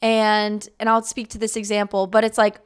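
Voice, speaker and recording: Smooth-voiced young woman, rambling chat. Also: mid-range voice, normal speed. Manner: rambling, filler-heavy, animated retellings. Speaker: podcast host. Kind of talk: casual faith podcast talk.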